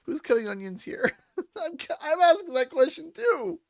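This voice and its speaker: A man's voice: very high voice, very animated, moderate pace, gravelly, no room sound. A man from Canada with a Canadian accent, chatting casually on a game livestream, laughing often and thanking donors by name. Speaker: streamer.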